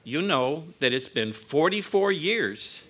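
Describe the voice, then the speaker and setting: A guest preacher in his sixties starts his sermon in a church sanctuary emotionally, choked up and joking at himself. His voice is on the high side and sing-song, he takes it slowly, and there is background noise.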